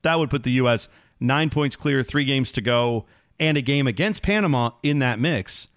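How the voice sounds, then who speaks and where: A man co-hosting a sports podcast, chatting casually and getting animated when exasperated. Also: mid-range voice, moderate pace, no room sound, clean studio sound. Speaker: podcast co-host.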